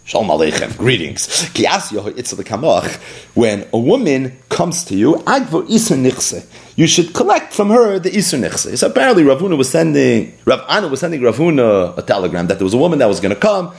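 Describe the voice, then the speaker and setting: A man's voice: mid-range voice, big pitch swings, brisk, vocal fry. A man teaching a daily Talmud lesson. He reads the Aramaic text line by line, explains it in English, and acts out the rabbis' exchanges expressively.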